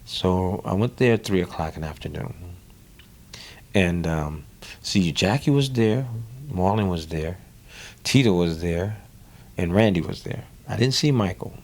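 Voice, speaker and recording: A man with a New Orleans accent speaks in a very deep, gravelly voice. He tells his story with energy, often repeating words, and briefly slips into the voices of the people he quotes. This is a relaxed interview-style conversation. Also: measured pace, long pauses. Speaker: guest musician.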